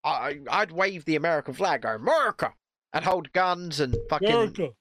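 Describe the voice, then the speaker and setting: A man's voice: fairly high pitch, normal speed, fairly bright tone, no room sound, studio quality. A man hosting a casual podcast, rambling and joking with swearing. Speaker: podcast host. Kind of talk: casual chat.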